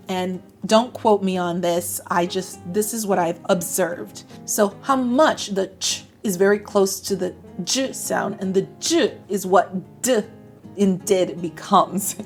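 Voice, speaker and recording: An American woman explains English phrases in a chatty, upbeat teaching voice at an ordinary middle pitch. Soft guitar music plays faintly behind her. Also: measured pace. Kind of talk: explaining lesson to camera.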